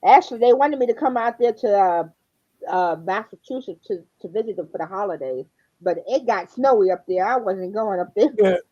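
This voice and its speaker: A woman chatting casually on a live stream, telling animated stories, acting out quotes and laughing often. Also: medium pitch, moderate pace, no echo, muffled recording. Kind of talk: casual chat.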